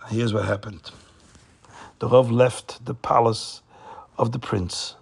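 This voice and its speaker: Man, storyteller, casual retelling, fillers, gravelly, husky. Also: mid-range voice, fairly even intonation, slow pace, pauses often.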